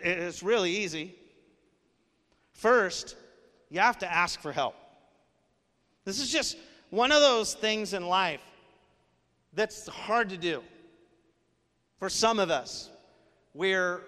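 A man's voice: sits high, sharp tone. A male pastor preaching a sermon in an earnest, conversational way, with casual fillers. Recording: long hall reverb.

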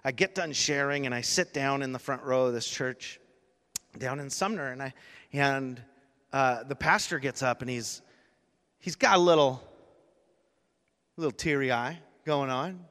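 A man's voice: medium pitch, unhurried, long pauses, a bit bright. Man preaching in a reverberant church hall. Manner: emotional storytelling, rising to emphatic peaks. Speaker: pastor. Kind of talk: sermon.

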